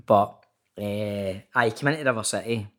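A Scottish man, an actor and podcast guest, telling lively stories in a casual chat, swearing freely and calling the host mate. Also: lowish voice, moderate pace. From Scotland. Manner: chatty storyteller, keeps saying mate, swears freely. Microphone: remote call.

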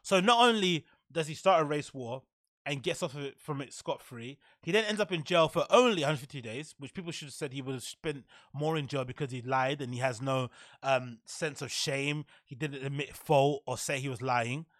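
A man's voice: medium pitch, normal speed, fairly bright tone, dry recording. A man hosting a podcast, ranting sarcastically through the news with plenty of slang. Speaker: podcast host. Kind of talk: casual commentary.

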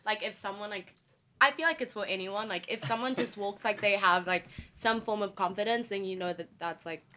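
Bright South African woman, candid and animated. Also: mid-range voice, brisk, slight background noise. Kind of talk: casual chat.

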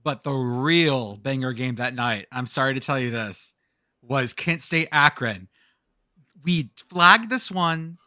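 A man co-hosting a casual sports podcast, excitable and profane. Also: mid-range voice, slow pace, no room sound, clean studio sound. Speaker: podcast co-host.

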